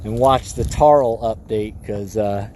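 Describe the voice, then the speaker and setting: A man hosting a live stream, rambling through an animated story with lots of fillers. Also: on the low side, slow, a little hiss or hum.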